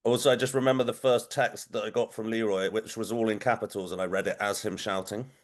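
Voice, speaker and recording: A British host with a lowish voice, chatting casually. He restarts his sentences often and breaks into laughs. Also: fairly even intonation, fast talker. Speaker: podcast host. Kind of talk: casual chat.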